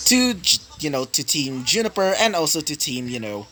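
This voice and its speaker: A man's voice: fairly high pitch, sing-song, moderate pace, bright, forceful tone. A man improvising a fan fiction story aloud, rambling with many fillers and self-corrections. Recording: noisy home recording.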